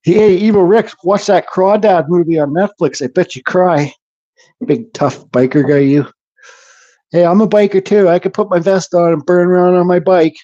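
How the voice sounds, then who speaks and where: A man's voice: high voice, normal speed, dark tone, muffled recording. A middle-aged man from Canada hosting a woodcarving channel, chatting casually and bluntly with live viewers, rambling and swearing freely. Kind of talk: casual chat to live viewers while carving.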